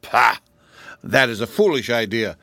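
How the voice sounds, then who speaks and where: Guy playing a smug gnome general, steady mid voice, kinda curt. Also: mid-range voice, normal speed, no room sound, natural voice. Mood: dismissive. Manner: proud, assured, sometimes irritable. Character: boastful proud gnome general, male. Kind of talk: audiobook character reading.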